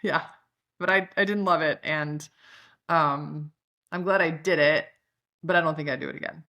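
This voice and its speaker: Low-voiced Chicago woman, candid chat. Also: moderate pace, pushed and bright. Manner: candid, self-deprecating, frequent "um" and "like". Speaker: podcast guest, author. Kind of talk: casual interview chat.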